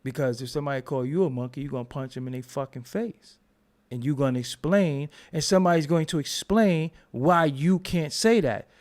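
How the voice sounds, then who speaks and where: The speaker is a young man running a commentary vlog, ranting with blunt, profane repetition. His voice is a little high with a darkish tone, and he talks fairly quickly.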